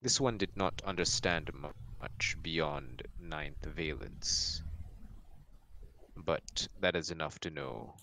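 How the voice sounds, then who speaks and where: A man running a tabletop game as game master, speaking in a formal, measured way when in character. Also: very deep voice, pushed and bright, a little hiss or hum. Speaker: dungeon master.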